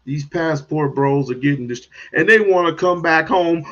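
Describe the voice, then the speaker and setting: A man hosting a livestream, ranting in commentary with sudden loud bursts and chuckles. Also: a little high, moderate pace, hardly any pauses, dull audio. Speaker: streamer host.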